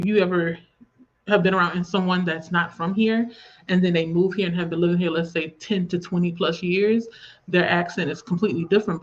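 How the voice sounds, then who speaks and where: Casting: rambling, chatty Southern woman hosting a livestream, slightly muffled audio. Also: fairly low pitch. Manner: chatty, rambling, reads viewer comments aloud. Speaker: livestream host. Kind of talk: casual livestream chat. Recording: slightly dull lo-fi stream audio.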